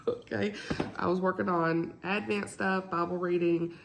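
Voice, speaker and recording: Chatty woman with gravelly voice. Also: fairly even intonation, a little slow, slight background noise, low-quality recording. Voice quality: deep morning voice. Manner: chatty, rambling, laughs often. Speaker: book vlogger. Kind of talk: casual chat. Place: at home.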